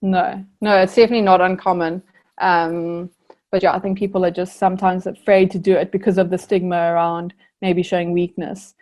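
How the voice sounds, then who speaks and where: A woman's voice: fairly low pitch, level tone, a little fast, a little mellow. A young woman from South Africa, an Olympic rower, answering interview questions in an earnest, reflective way with many fillers.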